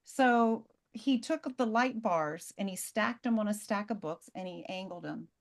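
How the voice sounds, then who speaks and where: A woman recounts stories on a video call in a casual, animated way, her voice sitting at an ordinary middle pitch. She talks in quick bursts and leans on each punchline. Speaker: presenter.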